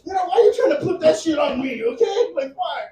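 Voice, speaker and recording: A man's voice: very high-pitched, animated, a little fast, dark tone, roomy sound, raised voice, far from the mic, a little hiss or hum, low-quality recording. A man in his thirties doing a crude, rambling stand-up set, out of breath and laughing at his own jokes. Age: 30s. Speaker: stand-up comic. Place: comedy club stage.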